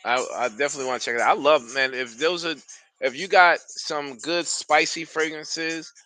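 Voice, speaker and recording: A man's voice: a little high, moderate pace, sharp tone, no echo, soft background music. A man hosting a casual live stream, talking loosely and enthusiastically straight to his viewers. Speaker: fragrance reviewer streaming live.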